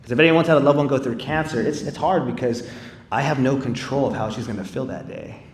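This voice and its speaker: A man's voice: medium pitch, a little fast. A man giving a live testimony in church, telling his story in an earnest, conversational way with casual fillers. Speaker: speaker sharing a personal testimony.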